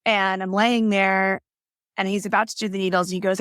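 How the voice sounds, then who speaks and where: A woman's voice: medium pitch, little pitch movement, fairly quick, fairly bright tone, clear, resonant tone, no room sound, studio quality. A woman being interviewed as a functional health practitioner, telling her story in an earnest, chatty way with lots of "like" and "right?". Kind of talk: casual interview talk.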